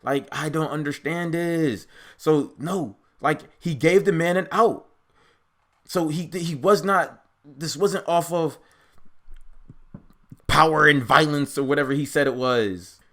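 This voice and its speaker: Young male reaction host, higher-pitched voice, casual unscripted talk, rambling and argumentative, heavy on fillers. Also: slow, long pauses, fairly bright tone. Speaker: anime reaction commentator.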